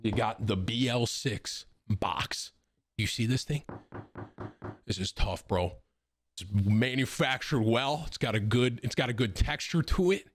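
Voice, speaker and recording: A young adult man with a mid-range voice, excitably showing off a gadget to his viewers. He keeps things casual with lots of "bro" and "right?", recorded on a desk microphone at his indoor setup. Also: mid-range voice. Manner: excitable, says "bro" a lot. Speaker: streamer unboxing a console. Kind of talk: hyped casual unboxing chat. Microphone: studio desk microphone.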